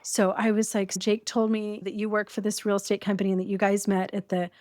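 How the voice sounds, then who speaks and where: A woman in her forties from Arizona, telling her story in a casual podcast interview with animated, quick delivery. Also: mid-range voice, dry recording, studio quality. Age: 40s. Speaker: podcast guest.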